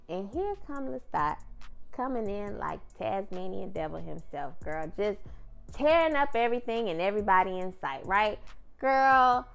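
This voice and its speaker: A woman's voice: mid-range voice, animated, normal speed, gravelly, a bit bright, clear, resonant tone. A woman casually recapping a TV episode in a chatty, slangy way, often calling her viewer "girl". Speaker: TV recap vlogger.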